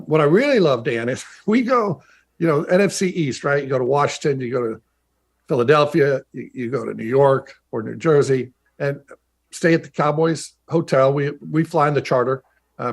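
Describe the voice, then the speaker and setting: A man, a former player turned team broadcaster, chatting in a casual interview over a video call and telling stories in an animated way. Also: medium pitch, gravelly. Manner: storytelling, animated, quick asides.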